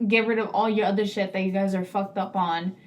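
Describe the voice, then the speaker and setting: A woman's voice: medium pitch, steady tone, brisk. Frank, chatty young woman on a podcast. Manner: frank, chatty, laughs often. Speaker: podcast co-host. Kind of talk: casual chat.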